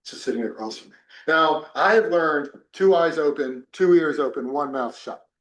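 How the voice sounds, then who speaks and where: A man's voice: a little high, normal speed. A man from New Jersey, a religion professor, teaching a class and telling personal stories with many restarts. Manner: animated storytelling with many restarts. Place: temple classroom. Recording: echoey room.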